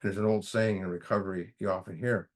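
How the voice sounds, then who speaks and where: Low-voiced man leading a study group. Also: steady tone, quick pace. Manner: folksy, repeats words and says "you know" often. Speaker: recovery study group leader. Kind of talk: casual teaching talk.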